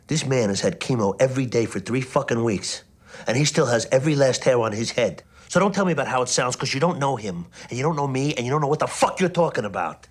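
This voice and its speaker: A middle-aged mob boss in a TV drama who lets loose a profane, contemptuous rant. His husky voice swings widely up and down, with rough edges. The anger comes in blunt, heavy bursts. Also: medium pitch, animated, quick pace. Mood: furious. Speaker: patient in therapy.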